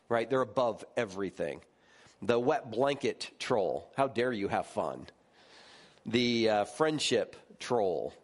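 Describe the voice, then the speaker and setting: Male pastor, mid-pitched voice, informal lively preaching with pitch jumps in the stories. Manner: animated, chatty, checks in with listeners with "right?"; lively, jumps higher when recounting stories. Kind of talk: conversational sermon.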